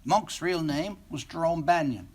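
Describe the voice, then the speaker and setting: A man, an author, reading aloud from his own novel in a library, with expressive, wistful storytelling. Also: on the high side, a little slow, husky.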